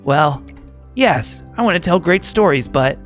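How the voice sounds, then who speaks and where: A man's voice: on the high side, lively intonation, unhurried, a bit bright, soft background music. A man playing an eager young adventurer girl. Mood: earnest. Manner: earnest, wondering delivery.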